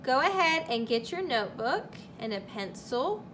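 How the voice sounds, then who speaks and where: A woman's voice: high voice, very animated, fairly bright tone, slight background noise. A young woman teaching a recorded kindergarten lesson, carefully sounding out words for young children. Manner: slow, deliberate sounding-out of words.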